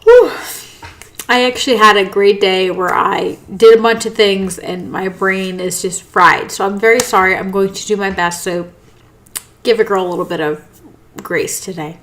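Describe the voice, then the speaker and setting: A woman's voice: medium pitch, moderate pace, fairly bright tone, a little hiss or hum. Tired, yawning woman host; casual, rambling, apologetic delivery. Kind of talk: casual live talk.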